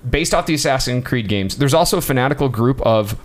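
Male podcast co-host, comic reactor, very expressive pitch. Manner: joking, laughing, quick reactions. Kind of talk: casual banter.

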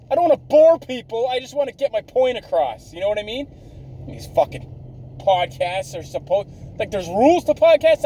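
A man's voice: very high-pitched, mellow, slight background noise, low-quality recording. A man in his thirties hosting a podcast, rambling in a profane, ranting, self-mocking monologue. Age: 30s. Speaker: podcast host.

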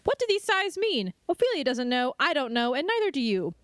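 A woman's voice: high voice, very animated, brisk, dry recording. A young woman co-hosting a podcast, chatting casually and reading a book aloud, giggly and prone to laughing fits. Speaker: podcast co-host.

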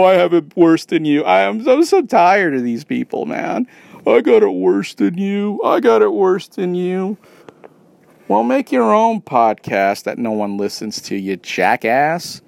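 Male podcast host, a touch higher-pitched than most, dry close sound, casual rambler who swears and restarts often. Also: creaky, no room sound. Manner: rambling, profane, many restarts and fillers.

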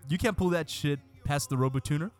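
A man's voice: a little high, fairly quick. Joking male podcast host, faint music behind. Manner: joking, deadpan asides. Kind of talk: casual podcast chat.

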